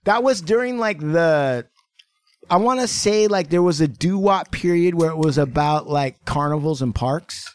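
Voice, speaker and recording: A man's voice: on the high side, normal speed, no room sound. A man hosting a casual podcast chat, rambling and laughing as he talks. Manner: rambling, laughing, hums song bits. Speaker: podcast host.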